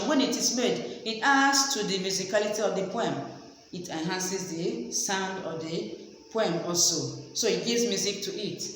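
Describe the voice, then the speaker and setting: A woman teaching a literature lesson, slowly explaining and repeating each example. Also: medium pitch. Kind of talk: classroom lecture. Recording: very echoey room, faint background noise.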